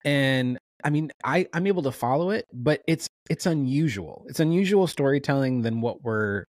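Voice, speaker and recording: A man co-hosting a review podcast, talking in an animated, casual way with stumbling restarts. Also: mid-range voice, normal speed, no room sound, clean studio sound. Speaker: podcast co-host.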